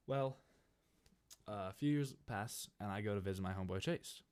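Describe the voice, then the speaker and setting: Young man, from California, slightly low voice, casual storytime, rambling, animated, restarts. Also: normal speed, clean tone. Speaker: gaming channel host. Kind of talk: casual storytime narration over gameplay.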